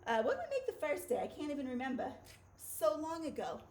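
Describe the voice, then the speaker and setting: A woman's voice: sits high, huge pitch swings, fairly quick, a little mellow, slight background noise. A woman teacher giving a children's phonics video lesson in an upbeat, playful way.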